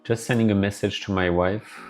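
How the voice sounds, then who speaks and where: A man's voice: lowish voice, fairly even intonation, a little fast, soft background music. A man with a French accent, live streaming and chatting casually with his viewers, rambling as he answers their messages aloud.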